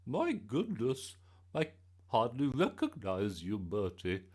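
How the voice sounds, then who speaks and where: A man's voice: medium pitch, huge pitch swings, takes it slowly, a little mellow, husky, pitched above the performer's own voice, heavily acted. A man doing a prim old granny. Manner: prim and correcting. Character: proper, prim old grandmother.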